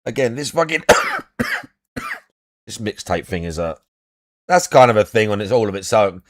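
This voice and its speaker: A man's voice: lowish voice, huge pitch swings, unhurried, no room sound, clean studio sound. A young adult man chatting casually as a podcast co-host, blunt and sweary, repeating his points. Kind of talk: casual chat.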